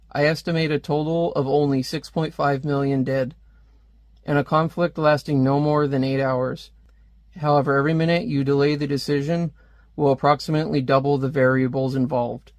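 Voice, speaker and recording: Man reading a cold calculating machine intelligence, clinical, slightly high, dry. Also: level tone, normal speed, no room sound, lightly acted. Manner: clinical, matter-of-fact. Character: cold calculating male supercomputer. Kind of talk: reading comic dialogue aloud.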